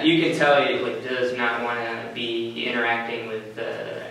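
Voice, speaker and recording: A man's voice: medium pitch, level tone, unhurried, creaky, few pauses, very noisy. A man in his twenties telling a story at a live story slam, rambling casually with lots of "like" and "uh" and laughing at his own tale. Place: small event venue, on stage. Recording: very echoey room from a distance, faint ambience.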